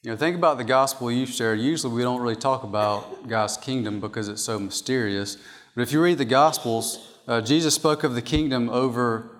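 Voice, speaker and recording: A man's voice: mid-range voice, brisk. Man preaching in a reverberant hall. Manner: emphatic, repeats key points. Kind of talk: sermon teaching from an outline.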